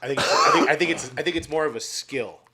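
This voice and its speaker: A man's voice: on the high side, quick pace, sharp tone. A man co-hosting a casual podcast, crude and joking, acting out what others said. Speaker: podcast co-host.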